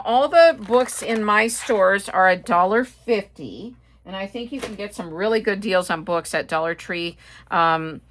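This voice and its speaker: A woman's voice: medium pitch, fairly bright tone. A middle-aged woman with a Midwestern American accent, chatting casually through a shopping haul, rambling with lots of fillers and asides. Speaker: haul video host. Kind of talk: casual chat.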